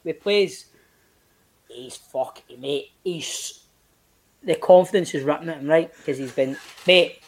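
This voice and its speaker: Animated sweary Glaswegian man in his late 30s. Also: unhurried, long pauses. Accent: Glaswegian Scottish. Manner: animated, sweary, acts out quotes in big swings of pitch. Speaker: podcast guest, actor. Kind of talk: casual chat, storytelling.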